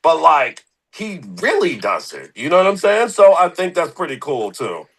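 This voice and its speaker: A man's voice: on the high side, wildly swooping pitch, moderate pace, gravelly, husky, poor audio. A young man from the Philadelphia area, a guest musician in a casual interview, rambling with slang and lots of fillers.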